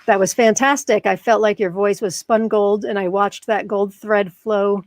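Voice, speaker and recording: A woman's voice: medium pitch, steady tone, moderate pace, no echo. An American woman hosting a chat show, bubbly, chatty and self-deprecating as she reads out comments. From United States. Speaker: podcast host. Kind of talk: casual chat.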